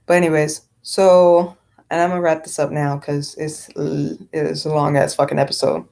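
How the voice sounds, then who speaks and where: A woman with a slightly low voice rants on her vlog in a blunt, unfiltered way. She swears freely and rambles with lots of fillers and restarts. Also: level tone, normal speed, gravelly, warm tone. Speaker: vlogger. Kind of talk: casual vlog rant.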